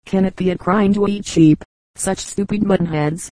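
A woman reading the part of a sly male fox, mocking and flattering by turns, in a storybook fable. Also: mid-range voice, moderate pace, no echo, natural voice.

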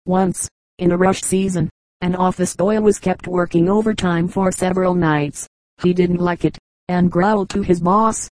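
A woman reading aloud from an old joke book in a steady, plain manner. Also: on the low side, moderate pace, no room sound, rough recording. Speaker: audiobook reader.

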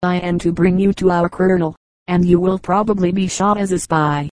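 A woman's voice: fairly low pitch, steady tone, a little fast, a little mellow, no echo, natural voice. A woman reading the part of a joking young corporal who speaks with mock fierceness in a storybook. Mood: mock-fierce.

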